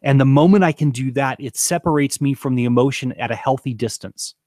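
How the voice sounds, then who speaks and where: A man's voice: mid-range voice, a little fast, darkish tone, dry recording, clean studio sound. A man coaching on leadership, talking to camera in an earnest, emphatic way and repeating points for stress. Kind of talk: teaching talk to camera.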